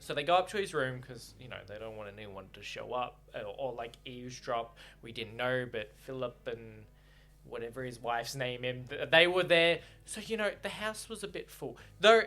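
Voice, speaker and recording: Man, casual book chat, excitable, bright tone, a touch high, faint music behind. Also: moderate pace. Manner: excitable, swears freely, laughs often. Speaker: book reaction vlogger.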